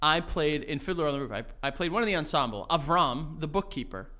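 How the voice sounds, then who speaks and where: A young man co-hosting a podcast in casual chat, animated and jokey, laughing often. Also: on the high side, quick pace. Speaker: podcast co-host.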